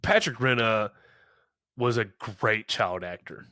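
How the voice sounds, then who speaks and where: A man in his thirties chats through a movie recap, loose and rambling, scattering fillers and slipping into the characters' lines. His voice is bright and forward. The sound is dry and close. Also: on the low side, animated, measured pace, no echo. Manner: rambling, many "you know" fillers, acts out quotes. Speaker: podcast co-host. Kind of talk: casual movie recap chat.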